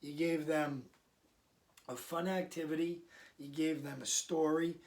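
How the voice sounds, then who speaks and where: A man speaking as a parenting coach in a casual, conversational way, now and then acting out parents and kids in quick asides. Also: fairly high pitch, steady tone, darkish tone, distant mic. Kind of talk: casual advice talk to camera.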